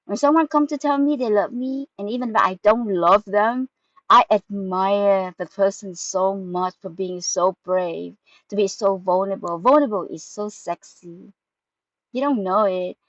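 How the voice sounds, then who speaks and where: A woman's voice: mid-range voice, unhurried, no echo. Emotional woman vlogger, muffled dry sound. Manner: heartfelt, emotional, non-native grammar. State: tearful at times. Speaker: spiritual vlogger. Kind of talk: emotional direct-to-camera talk.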